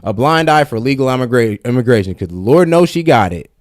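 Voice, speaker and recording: Male reaction host, casual slang, lively pitch swings. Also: brisk. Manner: laid-back slangy, laughing asides.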